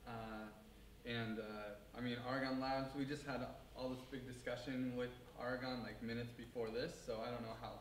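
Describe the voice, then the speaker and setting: A man's voice: mid-range voice, moderate pace, distant mic. Casual man in an echoey room. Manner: relaxed, rambling with fillers. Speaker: meeting lead. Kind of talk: casual team meeting. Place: room at a hackathon. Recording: echoey room, faint noise.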